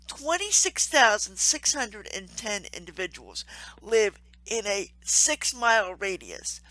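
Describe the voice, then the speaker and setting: A woman hosting her own channel, speaking earnestly and warmly to camera, with frequent ums and soft laughs. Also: medium pitch, no room sound, poor audio. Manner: earnest, heartfelt, with many ums and gentle laughs. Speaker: crafts channel host and Salvation Army volunteer. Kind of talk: casual to-camera appeal.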